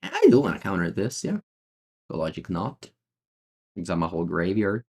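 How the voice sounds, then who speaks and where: Italian guy streaming a card game, deep voice, rambles and ums a lot while chatting to viewers. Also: huge pitch swings, moderate pace, darkish tone, slightly rough. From Italy. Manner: rambling, many fillers and restarts. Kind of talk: casual gameplay commentary, answering chat.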